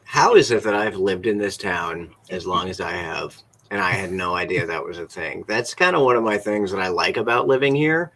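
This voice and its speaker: A man's voice: low voice, moderate pace, few pauses, fairly bright tone. A man co-hosting a casual live show, telling a funny everyday anecdote in a laid-back way, with casual swearing. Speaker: podcast co-host. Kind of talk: casual chat. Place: lives in a Florida college town.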